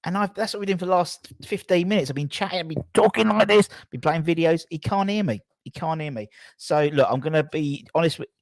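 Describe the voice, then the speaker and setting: A man's voice: fairly high pitch, fast talker, hardly any pauses, no echo. A man hosting a casual live stream, apologising again and again in a rambling way with many restarts. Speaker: host.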